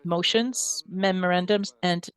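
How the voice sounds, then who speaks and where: Brisk mayor chairing council. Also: mid-range voice, steady tone, fairly bright tone, smooth. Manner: brisk procedural calls.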